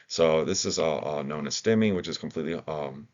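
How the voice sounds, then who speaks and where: A man with an extremely deep voice walks new staff through a training session off the cuff. He stops and restarts often, with lots of ums and uhs. The recording sounds dull and lo-fi. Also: fairly quick. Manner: hesitant, many fillers and restarts. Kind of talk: unscripted training talk.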